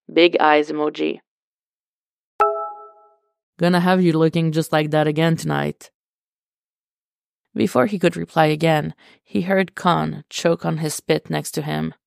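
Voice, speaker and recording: A woman reading a podfic in steady, wry narration. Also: low voice, gravelly, dry recording, clean studio sound. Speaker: podfic reader. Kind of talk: storybook narration.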